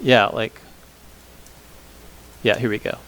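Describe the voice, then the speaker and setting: A man's voice: fairly low pitch, little pitch movement, takes it slowly, fairly bright tone. A man leading a casual Bible teaching session, talking conversationally with many fillers and asking the group questions.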